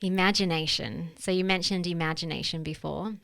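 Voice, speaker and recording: Woman, podcast host, affirming, encouraging, lowish voice, dry close recording. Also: fairly quick, vocal fry, a bit bright, no echo. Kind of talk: conversational podcast interview.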